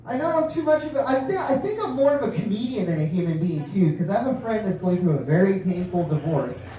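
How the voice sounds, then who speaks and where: Recorded from far back in an echoey comedy club, a man performs rambling, profane stand-up and keeps laughing at his own jokes. His high voice swings widely in pitch at a quick pace, with a dark tone, and the audio is dull.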